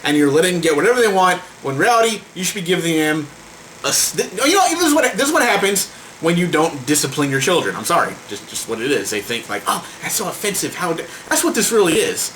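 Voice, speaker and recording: Exasperated man ranting, lively bright voice. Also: on the high side, fast talker, slight background noise, rough recording. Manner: profane, exasperated, stumbling over repeated words. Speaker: vlogger. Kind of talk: heated rant to camera.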